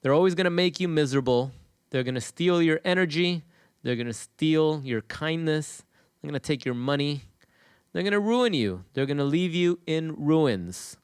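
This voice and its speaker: A man's voice: on the high side, animated, normal speed, smooth, dry recording, studio quality. A man hosting his channel, talking to viewers in an emphatic, repetitive, profane monologue. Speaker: channel host.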